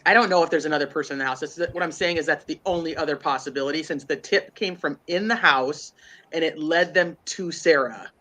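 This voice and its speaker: A man's voice: on the high side, fast talker, pushed and bright. A congested man co-hosting a true crime livestream, rambling and thinking aloud with lots of fillers. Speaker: livestream co-host.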